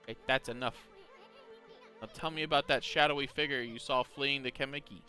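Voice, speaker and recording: A man's voice: medium pitch, steady tone, a little fast, pushed and bright, faint music behind, close to an everyday voice. A man doing a brash cocky little sidekick. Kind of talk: reading game dialogue aloud.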